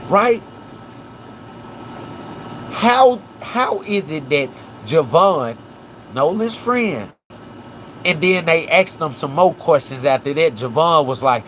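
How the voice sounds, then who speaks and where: A man's voice: on the high side, takes it slowly, pauses often, slight background noise. A man from Memphis, hosting a casual livestream. He breaks down a case and keeps checking in with "right?" and "watch this". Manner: animated, repeats "right?" and "watch this". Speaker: livestream host.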